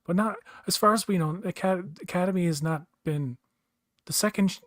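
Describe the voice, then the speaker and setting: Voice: mid-range voice, fairly quick, dry recording. A podcast co-host in casual chat, ranting with frustration and frequent swearing.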